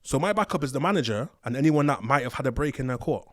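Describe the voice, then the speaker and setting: A man telling stories from his days as a prison officer, slangy and animated, acting out the voices of the people he describes. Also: medium pitch, fast talker, no room sound, clean studio sound. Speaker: interview guest, former prison officer. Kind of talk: casual storytelling. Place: studio.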